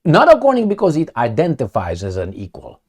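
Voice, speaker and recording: A man's voice: on the high side, wildly swooping pitch, a little fast, darkish tone, breathy edge. A man giving blunt, sarcastic political commentary with some swearing, talking straight to the viewer. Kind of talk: opinionated commentary monologue.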